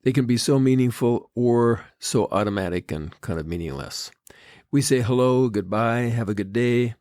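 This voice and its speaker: An older man hosting a podcast, telling stories in a gentle, unhurried devotional talk. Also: mid-range voice, dry recording, clean studio sound. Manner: gentle, unhurried storytelling with quoted foreign phrases. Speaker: podcast host. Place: Tahiti.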